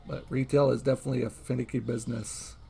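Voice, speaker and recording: A man's voice: mid-range voice, little pitch movement, fast, creaky, mellow, slight background noise. A young man, chatting casually over gameplay and rambling through stories from his retail days. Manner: chatty, rambling anecdotes with frequent laughs. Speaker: gaming streamer. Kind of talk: casual gameplay commentary and storytelling.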